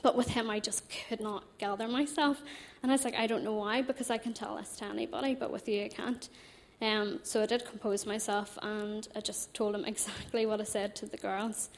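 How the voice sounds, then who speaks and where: A young Northern Irish woman telling a personal faith story in a chatty, animated way, laughing often. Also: medium pitch, fairly quick, few pauses.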